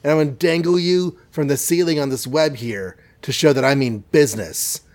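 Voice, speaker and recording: A man's voice: fairly high pitch, moderate pace, a little mellow, close to an everyday voice. A man voicing an eager young superhero from a cartoon recap.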